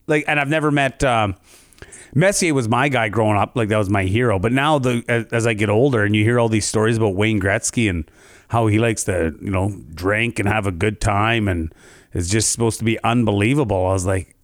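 Comedian guy from canada telling a story on a podcast, animated, pops into high voices for other people, dry sound. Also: fairly quick, dry recording.

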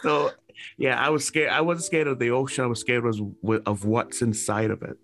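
A man's voice: medium pitch, fairly even intonation, moderate pace, fairly bright tone. A young adult man hosting a casual interview. He laughs easily and stammers as he starts his sentences. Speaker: podcast host.

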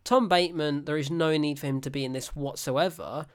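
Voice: mid-range voice, fairly quick. Blunt, sarcastic film reviewer rambling casually. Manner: blunt, exasperated and sarcastic, laughing often; rambling and unscripted, with self-corrections.

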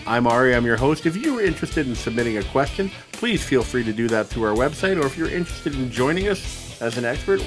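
A man hosting a comedy advice podcast, joking with his guests and wrapping up the show. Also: medium pitch. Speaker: podcast host.

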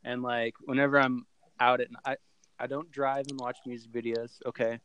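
A man chatting on a podcast, telling a relaxed story. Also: mid-range voice, moderate pace, clean tone, muffled recording. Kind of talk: casual podcast chat.

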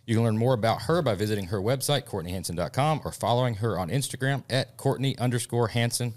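A man's voice: mid-range voice, fast. A man hosting a podcast, reading a guest introduction and bantering. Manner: reads the intro, then jokes loosely. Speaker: podcast host. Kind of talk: casual podcast chat.

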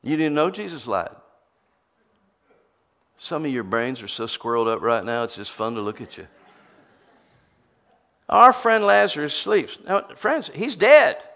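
A man's voice: mid-range voice, sing-song, moderate pace, pauses often. A man preaching a sermon, reading scripture aloud and teasing the crowd with rhetorical questions.

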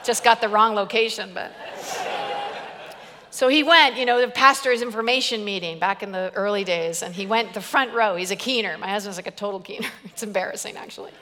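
A woman's voice: medium pitch, brisk, bright, forceful tone, long reverb tail, slight background noise. A woman preacher giving an emphatic sermon, building it with repeated phrases and humorous stories. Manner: emphatic, repetitive, storytelling with humor.

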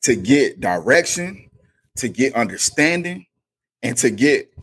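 Husky-voiced man preaching in casual talk. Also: mid-range voice, very animated, unhurried, fairly bright tone. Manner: preachy, storytelling, emphatic. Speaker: podcast co-host. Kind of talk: casual faith podcast chat.

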